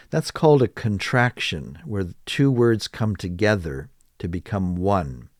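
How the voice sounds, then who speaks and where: A man teaching English. He talks slowly and deliberately, repeats phrases for learners and acts out sample answers. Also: lowish voice, a little mellow, no room sound, clean studio sound.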